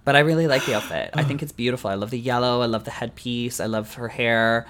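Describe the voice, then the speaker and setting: A man co-hosting a chatty podcast, his voice sitting at an everyday middle pitch. He talks in an animated way, laughs a lot and throws in the odd curse. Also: quick pace. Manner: animated, laughs often, swears. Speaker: podcast co-host. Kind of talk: casual chat.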